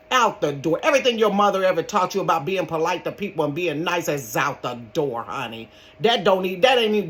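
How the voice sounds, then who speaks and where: Older woman, casual storytime vlogger in her bedroom, dramatic and animated. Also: lowish voice. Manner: animated, dramatic, calls viewers honey and baby.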